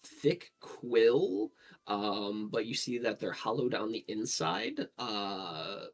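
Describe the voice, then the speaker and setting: A man's voice: on the low side, sing-song, slow pace, gravelly, a little hiss or hum. A man narrating as game master in a tabletop fantasy game, describing scenes in a loose, descriptive way with many fillers.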